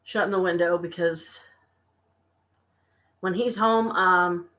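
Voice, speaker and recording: An exhausted, stressed woman venting to her viewers in a casual live-stream chat from her apartment, talking slowly and haltingly. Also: lowish voice, fairly even intonation, a bit bright. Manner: weary, venting, slow and halting. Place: home apartment.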